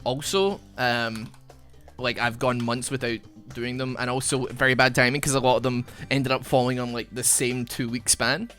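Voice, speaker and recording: A man's voice: mid-range voice, normal speed, faint music behind. A man, a gaming YouTuber, chatting casually over gameplay, rambling through a story with lots of fillers. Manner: animated, bursts of laughter.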